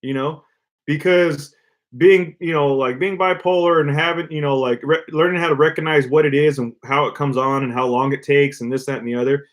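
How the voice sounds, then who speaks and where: A man's voice: on the high side, fairly quick. A man co-hosting a podcast in casual chat, talking loosely and filling his sentences with "you know" and "like". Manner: relaxed, peppers speech with "you know, like". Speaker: podcast co-host.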